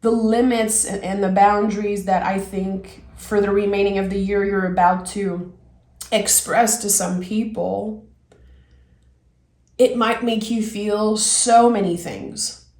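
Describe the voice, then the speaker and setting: A woman giving a reflective tarot reading, gently encouraging and thinking aloud as she turns the cards. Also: medium pitch, fairly even intonation, slow pace. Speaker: tarot reader. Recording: roomy echo.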